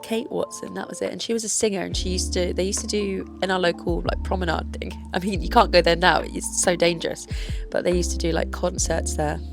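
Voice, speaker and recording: Low gravelly woman chatting to camera. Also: steady tone, fairly quick, music in the background. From born in Northern Ireland, grew up in Kent, England. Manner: rambling, chatty, swears freely. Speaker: vlogger. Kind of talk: casual chat to camera.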